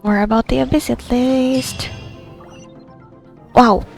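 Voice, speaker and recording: A woman's voice: on the high side, fairly even intonation, takes it slowly, vocal fry, soft background music. A young woman chatting casually to herself while playing a video game, giggly and talkative. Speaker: gamer playing a story quest. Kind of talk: casual gameplay commentary.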